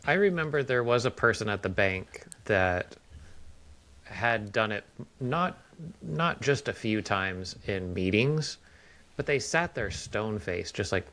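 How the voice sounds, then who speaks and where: A man's voice: fairly low pitch, expressive, unhurried, a bit bright. Man telling chatty anecdotes. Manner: storytelling, acts out quotes. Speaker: podcast co-host. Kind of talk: casual chat.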